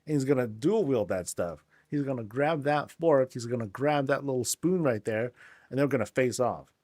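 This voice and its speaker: A man's voice: medium pitch, normal speed, darkish tone. A man hosting a casual game tour, laid-back and joking, with lots of slang. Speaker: game channel host.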